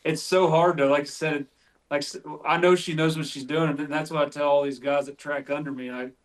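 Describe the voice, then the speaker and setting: A man's voice: fairly high pitch, steady tone, a little fast. A man from West Virginia, a podcast guest, telling tracking stories in a rambling way full of fillers. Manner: rambling, filler-heavy storytelling. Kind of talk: casual chat.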